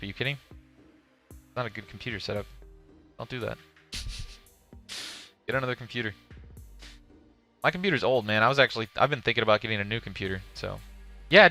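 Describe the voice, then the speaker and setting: Forceful, bright-voiced man ranting live. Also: medium pitch, lively intonation, fast talker, pauses often, soft background music. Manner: ranting, profane, reads chat questions aloud. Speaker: streamer reacting to a game showcase. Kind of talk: casual live-stream commentary.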